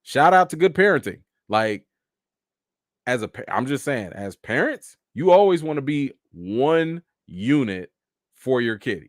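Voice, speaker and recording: Hosting a relaxed live stream, this man speaks at a measured pace in a medium-pitched, sing-song voice. He reads and responds to viewer comments, voicing the characters' lines loudly, and the studio-quality audio has no room sound.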